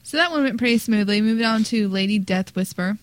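A woman's voice: mid-range voice, quick pace, dry recording, low-quality recording. A woman co-hosting a casual gaming podcast, chatty and laughing as she tells stories. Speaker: podcast co-host.

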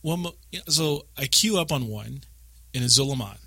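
A man co-hosting a casual podcast chat about a video game, rambling through animated stories full of acted-out quotes. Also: mid-range voice, normal speed, slightly rough, no room sound. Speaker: podcast co-host.

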